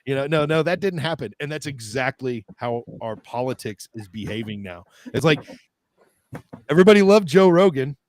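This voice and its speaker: A man with a Midwestern American accent, a travel agent co-hosting a roundtable and chatting in a joking, animated way. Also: on the high side, a little fast. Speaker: podcast co-host, travel agent. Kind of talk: casual roundtable chat.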